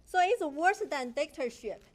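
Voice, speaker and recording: A middle-aged woman from China with a Chinese accent, giving an indignant public comment at a city council meeting in halting, broken English. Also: high-pitched, expressive. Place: council chamber.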